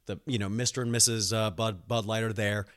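A man hosting a casual podcast, telling a long story with laughs, swearing and quick acted-out quotes. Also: on the low side. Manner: animated, laughing, swearing, acts out voices in quotes. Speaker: podcast host.

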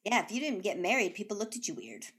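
A woman's voice: mid-range voice, sing-song, fast talker, fairly bright tone. A woman co-hosting a podcast in casual chat, jokey and swearing casually. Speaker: podcast co-host.

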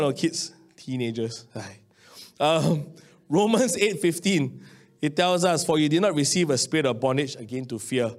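A man in his late thirties, Singaporean English accent, delivers a sermon with a fairly high voice. He tells stories from his own life, dropping low and quiet, then climbing up again. His preaching is lively and personal. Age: 30s. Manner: storytelling, swinging between hushed low lines and raised excited ones. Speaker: pastor.

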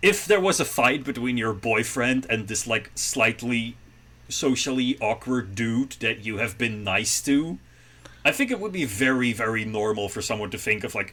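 Bright-voiced man recapping an anime. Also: mid-range voice, animated, normal speed. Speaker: podcast co-host. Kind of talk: casual chat about anime.

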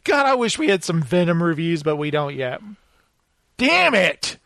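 A man's voice: on the high side, very animated, a little fast, no echo. A man co-hosting a podcast, reading out reviews in a jokey way and laughing often. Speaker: podcast co-host.

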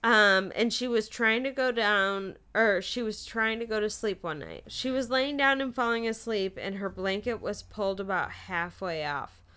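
Casting: woman podcast host, bright voice, easygoing storyteller. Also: mid-range voice, moderate pace, smooth. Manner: laughs easily, easygoing storytelling. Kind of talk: casual chat, reading listener stories.

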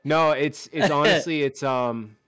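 A man's voice: a little high, unhurried, fairly bright tone, smooth, dry recording. Man, casual co-host, rambling storyteller; dry, close mic. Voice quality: rambling, storytelling, self-correcting. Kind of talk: casual chat.

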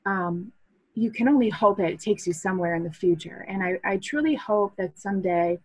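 A woman's voice: medium pitch, fairly quick, breathy edge, no echo, poor audio. Earnest woman, dry close sound. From Massachusetts, USA. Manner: earnest, reflective, with restarts and soft laughs. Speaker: podcast guest, hobby photographer. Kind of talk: casual interview chat.

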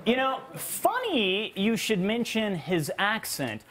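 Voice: mid-range voice, huge pitch swings, slow pace, a bit bright, heavily acted. A performer playing a defense attorney in a comedy courtroom sketch, smug and theatrical.

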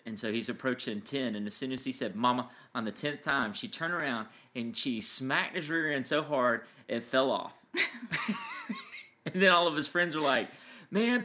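A man with a bright, forceful voice chats on a podcast, telling family stories with plenty of energy. He acts out the voices of the people in his stories and laughs often. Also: medium pitch. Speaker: podcast co-host, preacher. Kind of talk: casual chat.

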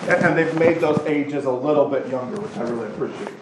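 A man teaching a Bible class in a lively conversational way, often acting out quick voices of other people for the group. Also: medium pitch. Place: class room in front of a group. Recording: echoey room with background noise.

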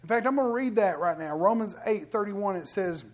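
Animated preacher with a lively voice. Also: mid-range voice, a little fast. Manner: animated, emphatic, with many restarts. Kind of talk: sermon.

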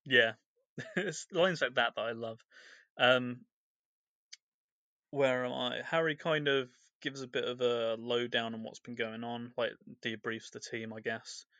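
Bright, rambling podcast co-host man. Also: medium pitch, fairly even intonation, measured pace, dry recording. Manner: rambling, filler-heavy recap. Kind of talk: casual book discussion.

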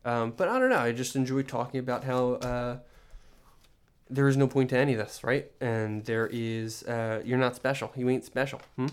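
A man's voice: medium pitch, moderate pace, clean tone. A young man hosting a solo podcast, rambling in an exasperated, joking rant with many restarts. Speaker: podcast host.

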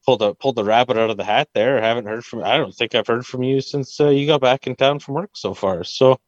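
A man hosting a casual sports podcast, speaking in a self-described monotone and halting often with "uh.". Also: mid-range voice, dry recording. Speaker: stand-in podcast host. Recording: dull, lo-fi, dry sound.

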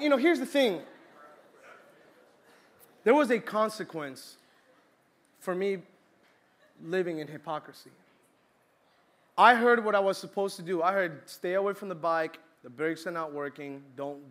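Young male preacher from Colombia, high bright tone, animated storyteller. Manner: storytelling, lively, shouts and laughs in the story. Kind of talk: sermon.

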